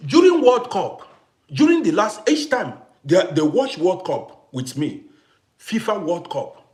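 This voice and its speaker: Animated, emphatic man in a roomy space. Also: sits high, measured pace. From Africa. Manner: animated, emphatic, repeats himself, greets viewers by name. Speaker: live-stream host. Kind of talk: casual live-stream talk to viewers. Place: home in Vienna.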